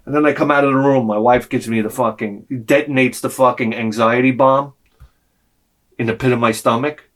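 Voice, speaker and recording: A man's voice: mid-range voice, a little fast. A middle-aged man, telling a comic story in a vlog, swearing freely and acting out the voices he quotes. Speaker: vlogger.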